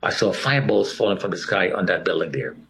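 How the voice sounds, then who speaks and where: A man's voice: deep voice, quick pace, creaky. A man recounting a personal experience, telling the story with animation and acting out the voices of others. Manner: animated storyteller who acts out quoted voices. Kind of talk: personal recollection.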